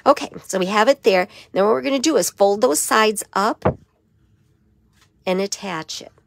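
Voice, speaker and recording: A hoarse woman with a raspy voice giving a step-by-step papercraft tutorial in her craft studio. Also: medium pitch, normal speed, no echo. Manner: step-by-step instruction with frequent okays. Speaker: papercraft demonstrator.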